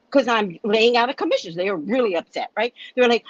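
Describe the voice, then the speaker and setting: A woman's voice: on the high side, animated, brisk, few pauses, fairly bright tone, dry recording. A woman host and psychic reader telling a story in a casual, indignant, profane rant. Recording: dull lo-fi dry sound.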